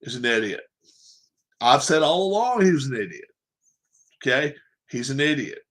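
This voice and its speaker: A sports livestream host with a medium-pitched, fairly bright voice and lively intonation rants at a moderate pace. The rant is emphatic and opinionated, with repeated points and a stream of rhetorical questions.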